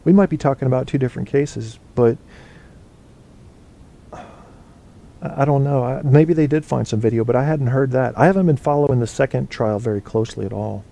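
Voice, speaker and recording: Mellow-voiced, rambling man hosting an online show. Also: mid-range voice, brisk, creaky, pauses often. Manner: rambling and profane, thinking aloud. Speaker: internet radio host. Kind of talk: casual live chat show, answering chat.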